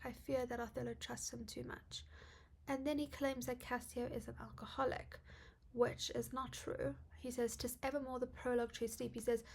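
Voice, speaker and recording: A woman's voice: fairly high pitch, vocal fry, breathy edge. A woman tutor casually explaining literature quotes, chatty and informal, with frequent likes, ums and small laughs.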